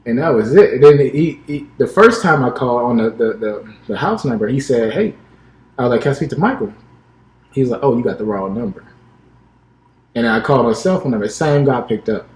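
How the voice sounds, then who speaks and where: A man's voice: medium pitch, expressive, fairly quick. A young man, a podcast co-host, telling a personal story in casual chat and acting out the dialogue. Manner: acts out quoted dialogue, restarts often. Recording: echoey room.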